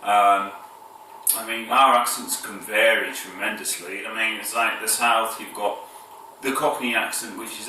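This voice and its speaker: A lower-pitched man with a northern English accent and a very bright tone rambles to camera in a casual vlog, hesitant, full of fillers and restarts, chuckling between phrases. He sounds set back from the mic in a very echoey room. A faint hiss sits under his voice. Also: fairly even intonation, unhurried, recorded from a distance. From north of England.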